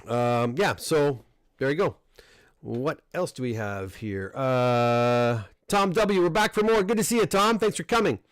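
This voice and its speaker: A middle-aged Canadian man hosting a casual livestream unboxing, talking in a relaxed, rambling way with frequent restarts and fillers. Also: medium pitch, measured pace, smooth, dry recording. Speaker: comic book dealer and host. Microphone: desk microphone close up.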